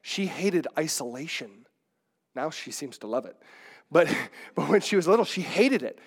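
Middle-aged pastor guy preaching, chatty and rambly, kinda high voice. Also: animated, moderate pace, breathy edge. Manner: conversational, digressive preaching with restarts. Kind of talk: sermon.

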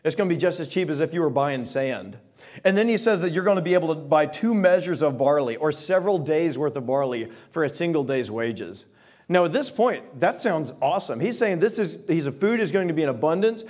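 A man preaching a sermon, retelling scripture passages in casual modern words and reading the old verses slowly. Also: fairly high pitch, animated, darkish tone. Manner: reads King James verses slowly and solemnly. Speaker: pastor.

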